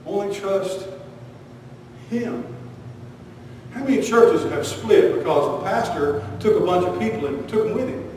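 A man preaching a sermon as pastor, emphatic, firing rhetorical questions, swinging between loud bursts and quiet asides. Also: high voice, expressive, a little fast, hardly any pauses, slight background noise. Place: church sanctuary. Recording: echoey hall recorded from far off.

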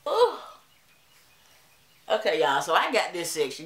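A woman's voice: on the low side, huge pitch swings, a little slow, long pauses, a bit bright, echoey room. A woman with a Southern US accent chatting dramatically to her viewers in a hair vlog. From Alabama. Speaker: hair vlogger. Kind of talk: casual vlog chat.

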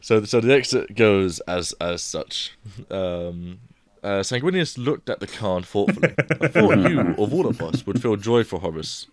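A man's voice: fairly low pitch, animated, unhurried, dry recording. A man co-hosting a podcast, reading a book excerpt aloud and laughing lightly between lines. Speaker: podcast co-host.

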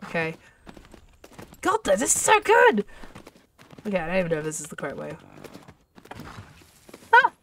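A woman hosting a gaming channel, giving excitable let's-play commentary full of gasps and exclamations. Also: on the low side, normal speed, gravelly, long pauses, recorded from a distance, a little hiss or hum. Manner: excitable, gushing, lots of exclamations.

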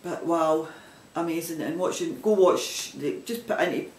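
In a roomy, echoing recording, a man from Scotland with a broad Glaswegian accent talks knitting on his podcast vlog. Speaking at normal speed in a slightly high voice, he rambles chattily and restarts sentences.

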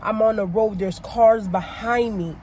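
A woman's voice: medium pitch, unhurried, dark tone. Woman venting on a vlog. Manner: frustrated, venting, swearing; relieved, chatty, addresses viewers as y'all. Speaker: vlogger. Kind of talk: casual vlog rant to camera. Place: in a car by the roadside, then driving. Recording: faint car and street noise.

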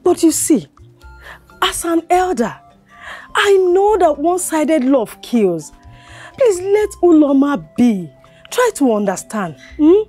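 An actress with a Nigerian accent playing a patient village elder who gently counsels a young man by name. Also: high-pitched, sing-song, slow, faint music behind, heavily acted. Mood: soothing. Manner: coaxing, calls him by name.

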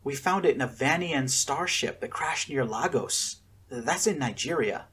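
A man's voice: mid-range voice, animated, a little slow, fairly bright tone, husky, exaggerated voice. A man voicing a blunt, sardonic fourteen-year-old girl in a storybook.

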